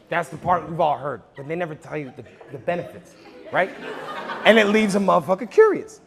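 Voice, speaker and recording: A young man in his twenties doing a stand-up comedy set on stage, telling stories loudly with bursts of shouting. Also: high voice, moderate pace, gravelly. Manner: loud, animated storytelling with bursts of shouting. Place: large comedy venue stage. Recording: big hall with loud audience laughter.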